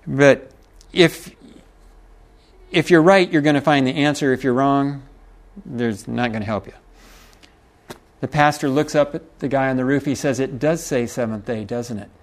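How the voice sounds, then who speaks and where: A man's voice: mid-range voice, measured pace. A middle-aged man preaching a sermon, telling a folksy story with chuckles and asides to the congregation. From Texas.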